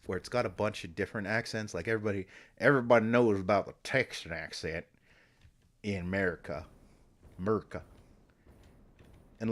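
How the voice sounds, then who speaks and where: A man with a fairly low voice rambles on a live stream. He thinks out loud, drops casual swear words and keeps circling back and restarting his sentences. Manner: meandering, swears often, trails off and restarts.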